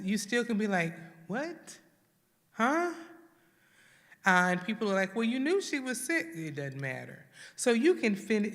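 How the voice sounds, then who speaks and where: A woman's voice: fairly low pitch, a bit bright, big-room sound. A woman from Houston leading a church grief workshop, talking earnestly and acting out the voices of grieving people. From Houston, Texas. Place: church hall.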